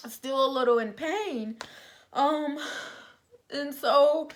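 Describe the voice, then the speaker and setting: A young woman shares a personal faith story in a loose, chatty vlog style. Her voice sits a little high, and she talks informally with lots of fillers. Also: slow, long pauses. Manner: informal, conversational, with many fillers. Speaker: vlogger sharing a testimony.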